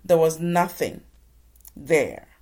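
A woman for whom English is a second language, telling her own story slowly and deliberately, pausing between phrases. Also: low-pitched, lively intonation, a little mellow, a little hiss or hum. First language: not English. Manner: slow and deliberate, with pauses. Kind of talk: reflective personal storytelling.

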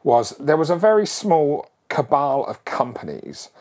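Animated man telling stories. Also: on the high side. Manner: animated, rambling, quick asides. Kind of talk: casual storytelling.

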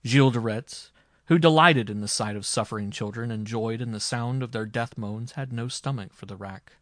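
A man reading a dark historical story aloud, with a dramatic, expressive delivery. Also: mid-range voice, normal speed, no room sound, clean studio sound. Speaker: audiobook reader. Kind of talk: scripted narration.

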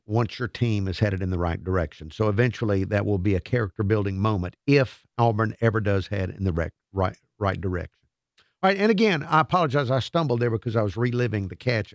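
A man's voice: lowish voice, dry recording. A man hosting a radio talk show, playful and self-mocking, often trailing off and restarting. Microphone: studio microphone.

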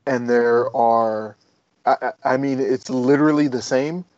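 A man, a former Marine turned firefighter, speaking in a casual interview, rambling and profane, and he gets animated when he retells stories. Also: mid-range voice, measured pace, dry recording, highs cut off.

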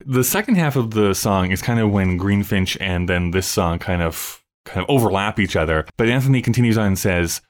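A man with a low voice hosts a relaxed podcast conversation. He explains things eagerly, with a few false starts along the way. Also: fairly quick, hardly any pauses. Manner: enthusiastic, explanatory. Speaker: podcast host. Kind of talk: casual chat.

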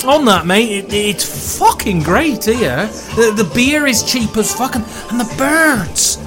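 Man putting on a loud crude lad, higher than his own voice, lively swings, swearing and cackling. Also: measured pace, long pauses, music in the background. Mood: laughing, bragging. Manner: boisterous, swearing, laughing, stammering restarts. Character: crude cheerful English lad, young man abroad. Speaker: character leaving a phone message. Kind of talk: voiced phone message in a solo tabletop game.

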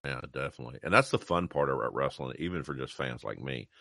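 Male host, very deep voice, bright and lively, eager fan energy. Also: fast, vocal fry, dry recording, clean studio sound. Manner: excitable, enthusiastic fan. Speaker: podcast host. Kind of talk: casual interview chat.

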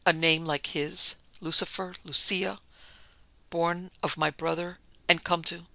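A cunning, seductive witch woman purrs her threats softly, voiced by a man reading a storybook. The voice is sharp and bright, with a gravelly edge. It sounds close and dry, with little room. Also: on the high side, little pitch movement, a little slow, no room sound, exaggerated voice. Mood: sinister. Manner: soft purring menace.

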